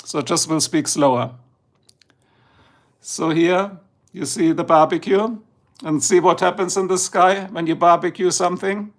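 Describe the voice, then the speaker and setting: Freshly awake, a middle-aged German man talks loosely on his livestream, moving back and forth between English and German. His voice sits a bit high with a gravelly, creaky quality. He speaks a little slowly and leaves long pauses.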